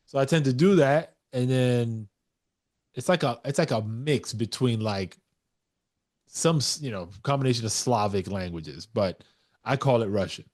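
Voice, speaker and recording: A man's voice: mid-range voice, a little slow, darkish tone. A man from New York co-hosting a dads' podcast, telling stories animatedly and swearing casually. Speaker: podcast co-host. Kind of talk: casual chat.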